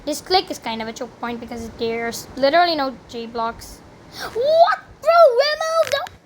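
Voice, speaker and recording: A young woman giving chatty, rambling commentary while playing a video game, with sudden loud exclamations. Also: on the high side, moderate pace, slight background noise. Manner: chatty, rambling, exclaims loudly when she fails. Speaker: gaming commentator. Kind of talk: live gameplay commentary.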